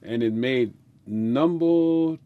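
A man's voice: medium pitch, very slow, no room sound, phone-quality sound. An older man with a Louisiana accent, a musician telling rambling stories in an interview with folksy speech and frequent laughter. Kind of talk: storytelling interview.

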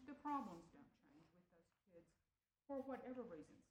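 A woman presenting a music teaching workshop, chatty and animated, often saying "you know" and laughing lightly. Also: medium pitch, normal speed, slight background noise. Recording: roomy echoing room.

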